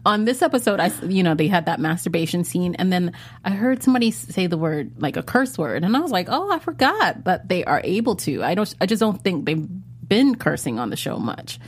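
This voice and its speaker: A woman co-hosts a podcast, giving a casual TV recap in a chatty, enthusiastic way and often trailing off before restarting. Her voice is on the low side, sing-song and brisk. The recording is dry.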